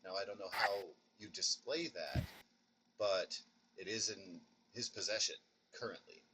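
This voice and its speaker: A man in the role of game master, explaining the scene in a relaxed way with asides. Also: on the low side, measured pace, background noise. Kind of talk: narrating a tabletop game.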